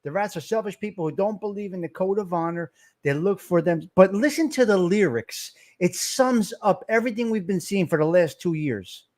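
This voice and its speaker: Loud profane man, high voice, casual livestream host. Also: lively intonation, moderate pace. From Italian-American.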